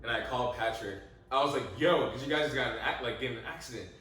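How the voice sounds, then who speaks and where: Young man, casual podcast storytelling, animated, swears a lot, very roomy echo. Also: medium pitch, rapid-fire. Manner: animated, laughing, swears freely, quotes himself. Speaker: podcast co-host. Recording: echoey room, mic at a distance.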